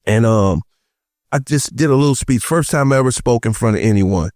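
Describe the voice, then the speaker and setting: A man on a podcast panel telling personal stories in casual chat, animated and acting out the voices of the people he quotes. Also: mid-range voice, a little fast, dry recording, studio quality. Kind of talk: casual roundtable chat, storytelling.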